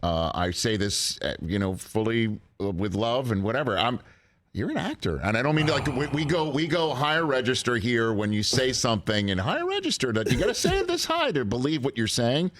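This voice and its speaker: A man's voice: mid-range voice, big pitch swings, fairly quick, a bit bright. A man hosting a studio talk show interview, affable and teasing, starting his questions hesitantly. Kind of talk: interview chat.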